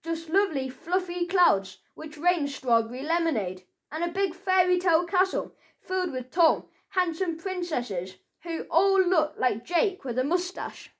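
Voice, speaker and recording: A woman reads a children's audiobook aloud, playful and expressive. Her voice sits high and she takes her time over each line. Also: unhurried. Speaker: audiobook reader.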